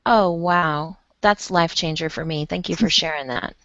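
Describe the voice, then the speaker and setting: A lowish, gravelly woman's voice presents an online training session for teachers with eager, effusive warmth. The sound is dry and a bit dull, like audio from a video call. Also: normal speed, no room sound. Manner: enthusiastic, effusive. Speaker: host and presenter.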